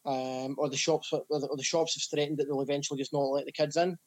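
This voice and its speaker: Scottish man, chatty storyteller, slightly high voice, casual podcast chat. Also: level tone, quick pace. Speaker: podcast co-host.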